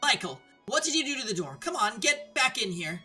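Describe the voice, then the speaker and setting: A woman voicing a spirited, devoted young woman who pleads loudly and urgently, reading a visual novel aloud. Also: fairly high pitch, sing-song, brisk, soft background music, pitched above the performer's own voice. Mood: panicked.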